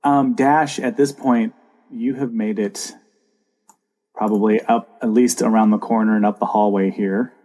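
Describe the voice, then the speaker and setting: A man narrating a tabletop game as dungeon master, pausing often with ums and uhs. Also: on the low side, fairly even intonation, mellow. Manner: hesitant, many ums and uhs.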